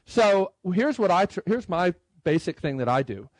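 A middle-aged man speaking at a conference about writing hymn tunes, talking in a conversational way and slowly reading lines out loud. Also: high-pitched, very animated, no echo, rough recording. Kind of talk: conference talk. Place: conference room.

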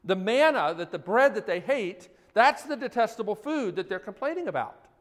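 A man's voice: high-pitched, very animated, moderate pace, fairly bright tone. A man preaching a sermon as pastor, talking conversationally and putting many questions to his audience. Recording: hall reverb.

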